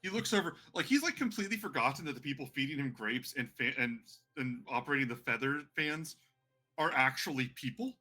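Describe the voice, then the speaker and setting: A male game master narrating a tabletop session with a bright, clear tone. He meanders through the scene with frequent fillers and restarts. His pitch sits in the middle for a man. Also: expressive, a little fast, faint music behind. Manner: rambling, hesitant narration with many fillers.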